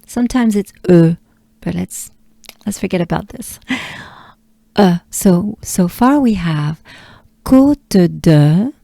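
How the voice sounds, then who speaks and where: A woman with a French accent, a pronunciation coach who repeats each word slowly and patiently and cues the listener to breathe. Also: fairly low pitch, vocal fry, mellow, no echo. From France. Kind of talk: slow pronunciation lesson.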